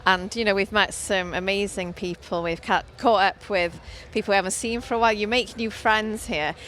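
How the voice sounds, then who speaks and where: A woman's voice: medium pitch, fairly even intonation, normal speed, a bit bright, a little hiss or hum. A woman from North Wales with a North Welsh accent, a band member talking enthusiastically in an interview. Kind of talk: casual interview answers. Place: outdoors at a music festival.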